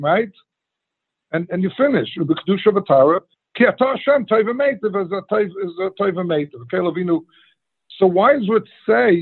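A man's voice: high voice, husky. A man teaching a Talmud class in an informal, rambling way, full of restarts, rhetorical questions and Hebrew and Yiddish terms. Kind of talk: informal Torah lecture. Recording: tinny phone-line quality.

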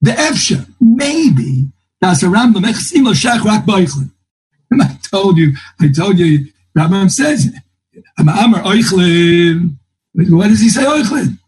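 A man's voice: sits high, sing-song, unhurried, a little mellow, slight background noise, low-quality recording. A man teaching a Talmud class, thinking aloud and quoting texts in a lilting singsong. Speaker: Torah teacher.

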